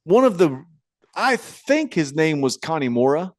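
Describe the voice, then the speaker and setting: A man's voice: fairly high pitch, sing-song, unhurried, no room sound, clean studio sound. A man in his forties co-hosting a casual podcast, reading listener emails and often breaking into laughter between stumbling restarts. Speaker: podcast co-host.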